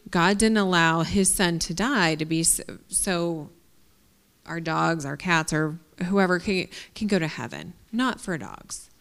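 A woman's voice: fairly low pitch, measured pace, creaky, a bit bright. A woman speaking at a campus ministry workshop, reading scripture and talking in a hesitant way with many fillers.

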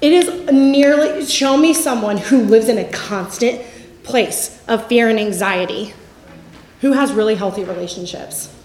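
High-voiced woman, echoey room. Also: unhurried, a little hiss or hum. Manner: conversational, storytelling, often trails off softly. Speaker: speaker giving a faith-based talk. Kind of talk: candid Christian teaching talk.

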